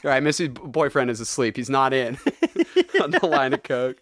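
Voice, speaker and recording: A man's voice: mid-range voice, expressive, normal speed, a bit bright, no echo, studio quality. Eager, rambling man co-hosting a podcast. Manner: eager and rambling, often re-quoting favorite movie lines. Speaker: movie podcast co-host. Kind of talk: casual chat.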